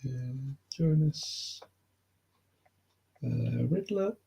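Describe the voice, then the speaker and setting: A man's voice: mid-range voice, lively intonation, very slow, creaky, dark tone, breathy edge. A man co-hosting a casual podcast chat, teasing, laughing often and swearing casually. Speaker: podcast co-host.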